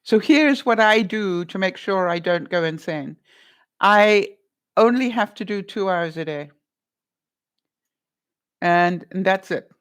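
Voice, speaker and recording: A woman's voice: medium pitch, lively intonation, takes it slowly, pauses often, smooth. A woman vlogger chatting live with her viewers, giving advice and calling them honey and by their names, in a rambling way with asides. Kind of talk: live-stream advice chat.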